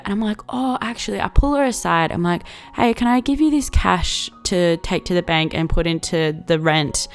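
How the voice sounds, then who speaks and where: Aussie girl in her 20s doing a storytime vlog, swears a lot, says like constantly, mid pitch, faint music under it. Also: animated, moderate pace, hardly any pauses. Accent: Australian. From Australia. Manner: chatty and profane, with lots of likes and laughing asides.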